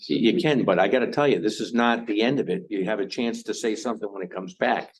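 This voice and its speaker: A man chairing a council meeting, running votes and swearing in witnesses in a brisk, procedural manner. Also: on the low side, slightly rough, rough recording. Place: government conference room.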